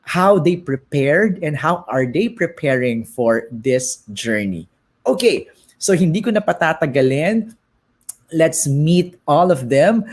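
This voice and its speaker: A Filipino-accented man hosts a relaxed livestream chat with a lightly raised voice. He sounds upbeat and chatty and slides easily between English and Tagalog. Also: on the high side. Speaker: livestream host. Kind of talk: casual chatty interview. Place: home in San Francisco, early morning.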